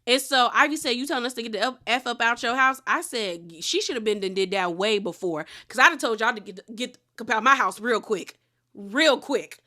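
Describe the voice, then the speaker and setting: A woman recapping a reality show in casual, animated commentary, acting out the quotes. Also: fairly high pitch, a little fast.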